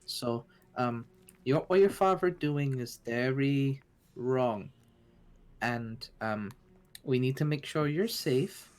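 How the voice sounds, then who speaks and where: A woman playing a tabletop game, speaking in character in a gentle, reassuring way with many fillers. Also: very deep voice, slow pace. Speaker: player. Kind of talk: in-character tabletop role-play.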